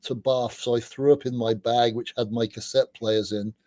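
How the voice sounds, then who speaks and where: A middle-aged man, a podcast guest, telling anecdotes in a chatty way, often restarting his sentences and dropping in quick asides. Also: mid-range voice, steady tone, a little mellow, no echo. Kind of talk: casual anecdotal storytelling.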